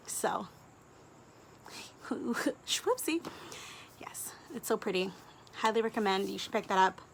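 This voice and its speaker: A woman, a book vlogger talking casually to camera, gushing and chatty with quick asides and giggles. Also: mid-range voice, creaky, fairly bright tone, a little hiss or hum.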